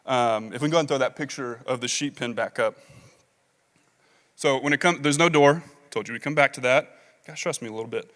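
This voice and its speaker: A man's voice: mid-range voice, a bit bright. Casual male preacher in a reverberant hall. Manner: casual, conversational preaching with many fillers. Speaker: pastor. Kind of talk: sermon. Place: large church hall. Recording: long reverb of a large hall.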